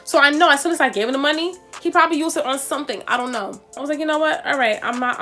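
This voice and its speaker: Animated young woman telling a story. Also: sits high, racing, few pauses, faint music behind. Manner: animated, acts out quoted voices. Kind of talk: storytime vlog.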